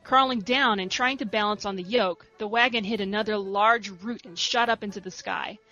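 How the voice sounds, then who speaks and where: A woman reading a story aloud in a soft, steady narration. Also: mid-range voice, moderate pace, dull audio, faint music behind. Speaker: reader.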